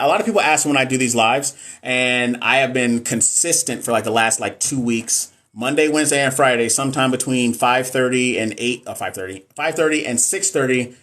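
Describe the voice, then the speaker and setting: A man's voice: mid-range voice, a little fast, hardly any pauses, fairly bright tone. A man from Texas, chatting casually and jokingly on a live stream as a nurse educator, reading and answering viewer comments.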